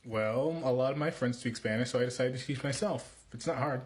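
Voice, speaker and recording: A man telling a story by acting out both sides of a conversation in a calm way. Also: medium pitch, a little fast, few pauses. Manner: acts out a dialogue. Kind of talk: casual storytelling.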